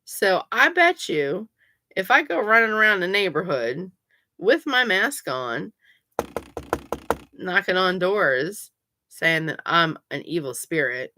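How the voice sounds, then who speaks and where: A woman's voice: mid-range voice, sharp tone, no echo, clean studio sound. A woman explains things in a casual, chatty way, with plenty of fillers. She grows emphatic and insistent when she corrects people. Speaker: pagan vlogger.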